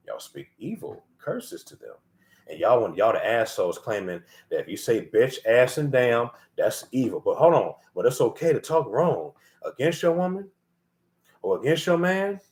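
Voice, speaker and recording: A man's voice: mid-range voice, very animated, moderate pace. A man giving an informal sermon, scolding and emphatic, repeating himself and swearing freely as he lectures his listeners. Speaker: lay preacher. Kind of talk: casual preaching.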